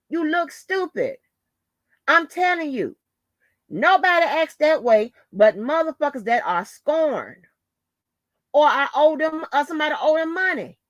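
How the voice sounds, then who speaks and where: Heated and profane, this channel host rants to the camera, hurling taunts and insults. Her voice is high-pitched, and the lo-fi audio carries no room sound.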